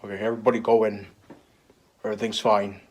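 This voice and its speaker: A man's voice: lowish voice, little pitch movement, fast talker. Stammering man improvising character voices. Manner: stammering, repeats words. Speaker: player voicing game characters. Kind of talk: improvised character role-play.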